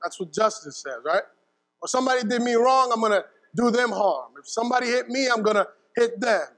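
A young man preaching, his voice set high for a man. He tells a story and keeps checking in with "right?" as he goes. His voice carries a long reverb, as if in a big hall. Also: expressive, fairly quick, fairly bright tone. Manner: storytelling with asides and repeated "right?". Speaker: pastor. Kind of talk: sermon.

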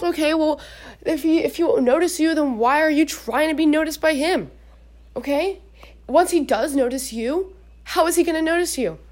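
A woman's voice: sits high, darkish tone. A young woman hosting a podcast, giving casual faith and dating advice in a chatty, preachy, rambling way, often checking in with "okay?". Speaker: podcast host.

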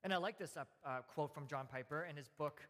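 Man, thirties, pastor, casual storytelling sermon, fillers and restarts, raised pitch, echoing church sanctuary. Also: fairly quick, a bit bright. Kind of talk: conversational sermon.

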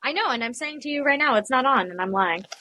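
Dramatic, bright-voiced young woman. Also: sits high, expressive, quick pace. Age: young adult. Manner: dramatic, sarcastic storyteller. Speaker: vlogger. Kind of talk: casual chat. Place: apartment while packing.

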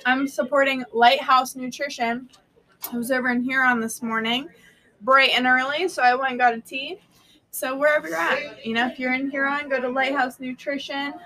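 Bubbly bright-voiced woman hosting a live chat. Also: high-pitched, steady tone, moderate pace, low-quality recording. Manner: bubbly, chatty, laughs often. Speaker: host. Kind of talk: casual live-stream chat.

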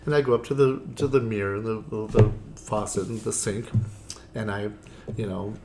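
In a casual interview, a man who performs in drag tells stories in a chatty, theatrical style, leaning on "you know" and acting out other people's lines. His voice is fairly low and moves at a normal speed, and the recording is very noisy.

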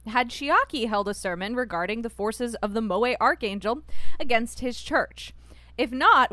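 A woman's voice: on the high side, fairly bright tone, dry recording. A woman co-hosting a casual anime podcast, playful and giggly. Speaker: podcast co-host.

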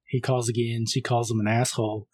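A man co-hosting a film podcast, casually recapping a horror movie scene by scene and reading the caller's lines flatly. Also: medium pitch, fairly quick, slightly rough, no room sound. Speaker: podcast co-host.

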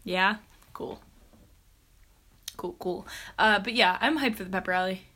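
A woman's voice: medium pitch, a little slow, sharp tone. A teenage girl co-hosting a podcast in casual chat, bubbly, joking and self-assured. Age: teens. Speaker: podcast co-host.

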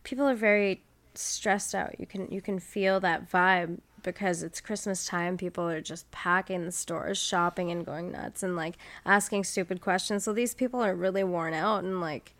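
A woman's voice: on the low side, steady tone, moderate pace, fairly bright tone. A woman guesting on a podcast, telling stories frankly in casual chat and swearing at times.

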